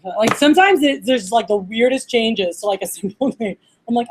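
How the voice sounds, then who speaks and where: A young woman leads a receptionist workshop in a loose, chatty way, full of "like" and "uh," and acts out both sides of phone calls. Her voice sits a little high. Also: fairly quick, a little mellow. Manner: casual, chatty, many fillers like "like" and "uh". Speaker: receptionist trainer. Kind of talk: workshop training talk with role-played phone calls.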